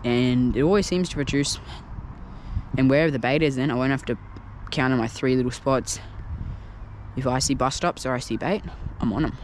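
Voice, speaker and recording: A man's voice: medium pitch, normal speed, slight background noise. Chatty man fishing outdoors. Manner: chatty, excitable, thinks aloud. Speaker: fishing vlogger. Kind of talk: casual narration while fishing. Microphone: action camera.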